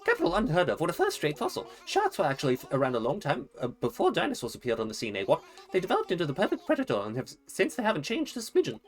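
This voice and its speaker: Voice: mid-range voice, huge pitch swings, racing, few pauses, soft background music, pitched above the performer's own voice. A streamer doing a fussy old-fashioned owl curator. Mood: delighted. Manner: prim, old-fashioned, exclaiming, rambling about fossils. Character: fussy chatty male owl museum curator. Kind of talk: reading game dialogue aloud in a voice.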